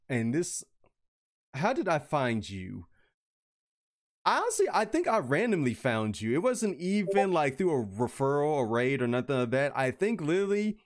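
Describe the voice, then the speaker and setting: Man, animated intonation, casual stream co-host, chatty and relaxed. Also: on the high side. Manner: lively, chatty, relaxed, with fillers. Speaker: stream co-host reading viewer questions. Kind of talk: casual chat.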